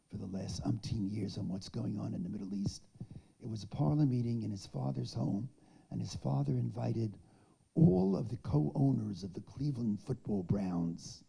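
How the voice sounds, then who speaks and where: A man with a deeply gravelly, husky voice tells stories as a rabbi addressing teachers. The tone is dark and mellow. He is animated, and his voice climbs sharply when he reaches a punchline. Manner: animated raconteur, voice climbs high when recounting. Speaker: rabbi giving a faculty talk. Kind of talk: anecdotal storytelling talk.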